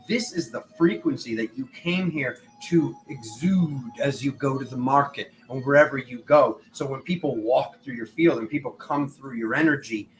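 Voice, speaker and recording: A young man gives a tarot reading in a bright, forceful voice. He talks in a loose, rambling way and slips into the voices of people from his stories. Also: mid-range voice, a little hiss or hum, rough recording. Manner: rambling, acts out quoted voices. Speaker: tarot reader. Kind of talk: spiritual tarot reading monologue.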